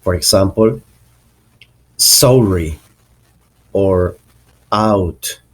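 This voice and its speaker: A man narrating a lesson on English accents, explaining slowly and deliberately and spelling out example words. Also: fairly low pitch, darkish tone.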